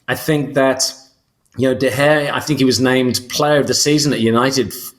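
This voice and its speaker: A man's voice: mid-range voice, steady tone, moderate pace. An English man co-hosting a soccer podcast, talking casually with many fillers and restarts. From England. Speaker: co-host.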